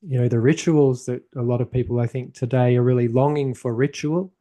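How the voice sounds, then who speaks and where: A man's voice: mid-range voice, fairly even intonation, a little fast, dark tone. A man hosting a podcast conversation, talking thoughtfully in a loose, rambling way with frequent restarts. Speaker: podcast host. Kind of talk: casual conversation.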